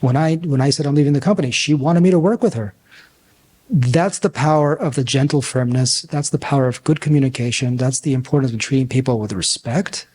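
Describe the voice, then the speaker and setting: A man with a husky voice in a mid-range pitch delivers a conference talk. He works like a storyteller, acting out the people in his anecdotes and swinging his pitch up and down as he goes. As a physician and coach, he speaks plainly and directly to the audience. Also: a little fast, darkish tone. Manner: storytelling, acts out dialogue with big pitch swings.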